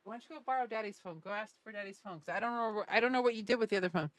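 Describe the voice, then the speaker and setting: A woman's voice: mid-range voice, very fast, no room sound. A woman gaming streamer ranting in casual talk, angry and profane with many restarts.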